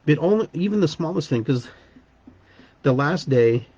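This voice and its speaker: A man's voice: a little high, expressive, normal speed, dark tone, slightly rough, no echo, highs cut off. A man hosting a podcast, telling a personal story in a rambling way, often repeating words and restarting sentences. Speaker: podcast host.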